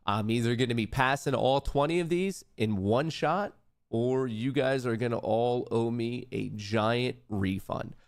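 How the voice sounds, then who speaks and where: A man hosting a live trading stream, reading out chat votes and yelling in hype when trades win. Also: medium pitch, unhurried, vocal fry. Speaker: livestream trading host.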